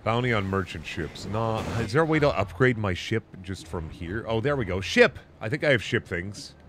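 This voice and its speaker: A man's voice: lowish voice, expressive, fairly quick, fairly bright tone, a little hiss or hum. A man casually commenting while streaming a video game, playful and profane.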